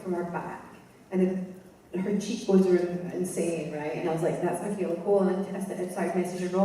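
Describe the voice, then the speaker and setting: Blunt, excitable woman in a hall. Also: medium pitch. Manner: excitable, blunt, swears casually. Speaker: convention panel guest. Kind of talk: casual panel chat. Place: large convention hall. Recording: echoey hall from far off.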